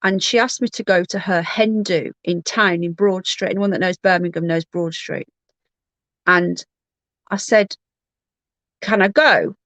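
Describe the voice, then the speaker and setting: A woman's voice: lowish voice, steady tone, a little slow, long pauses, a bit bright, no room sound. Chatty woman telling a story. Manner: candid, rambling, frequent restarts. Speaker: livestream host. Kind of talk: casual personal storytelling.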